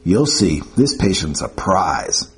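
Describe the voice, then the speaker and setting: A man's voice: sits low, big pitch swings, takes it slowly, pitched below the performer's own voice, full character voice. A man voicing a dry, knowing woman volunteer. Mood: wry. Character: brisk, wry older woman volunteer.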